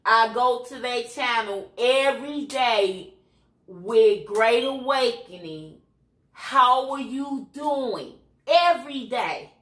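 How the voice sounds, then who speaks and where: A woman's voice: on the high side, a bit bright, reverberant. A woman from Chicago with a Chicago accent, a YouTuber giving a blunt, preachy, streetwise rant on a livestream. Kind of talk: ranting commentary livestream.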